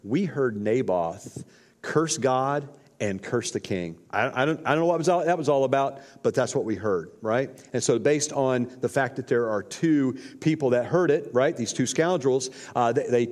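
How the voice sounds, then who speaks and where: A pastor preaches a sermon, retelling scripture in a casual, slangy storytelling style. His mid-range voice is a little mellow, moving at a moderate pace with few pauses, and a long hall reverb surrounds it.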